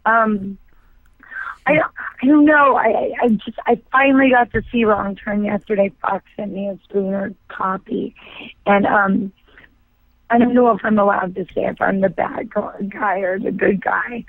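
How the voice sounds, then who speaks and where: A woman's voice: mid-range voice, fairly even intonation, normal speed, vocal fry, no echo. Woman, 30s, phone-in interview guest. Chatty, filler-heavy storyteller. Thin, dry phone-line sound. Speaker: guest actress. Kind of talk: casual interview chat.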